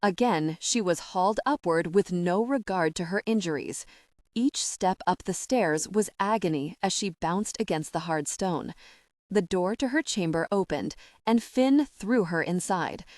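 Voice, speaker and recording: A woman with a low, even voice reads a historical romance aloud in measured, dramatic storytelling. The close studio sound is dry, with no room around it. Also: no room sound. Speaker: audiobook narrator. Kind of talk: scripted narration.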